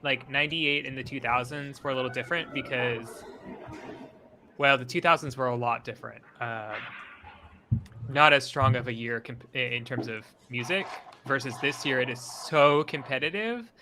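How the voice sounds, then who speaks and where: A man's voice: medium pitch, moderate pace, noisy background. A man chatting loosely as a panelist on a live stream, with many fillers. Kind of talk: casual live stream chat.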